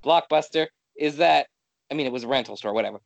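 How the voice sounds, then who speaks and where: Fast-talking ranting man from Canada. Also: medium pitch, creaky, no echo, dull audio. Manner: ranting, exasperated storytelling. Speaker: podcast co-host. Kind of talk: casual chat.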